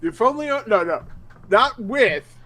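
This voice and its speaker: A man's voice: high voice, lively intonation, measured pace, pushed and bright. A man co-hosting a casual talk show, adding dry quips and teasing corrections. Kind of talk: casual chat.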